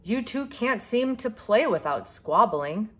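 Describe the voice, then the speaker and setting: A woman voicing a patient mother who calmly talks her daughter through a quarrel. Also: fairly high pitch, unhurried. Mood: gentle. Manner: soft, calm and reasoning. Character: patient gentle mother of a girl.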